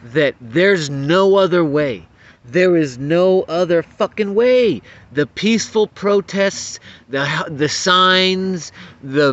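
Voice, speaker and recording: A vlogger rants angrily about politics to camera, swearing, growing more worked up, and stumbling into restarts over repeated words. His voice is on the high side and a bit bright, captured in dull lo-fi audio.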